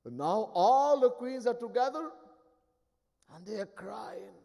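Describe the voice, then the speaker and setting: A man's voice: very high voice, a little slow, vocal fry. A man giving a devotional discourse as a swami, telling a story animatedly and chuckling often. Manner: animated, acts out each figure, chuckles often. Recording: live talk, long hall reverb.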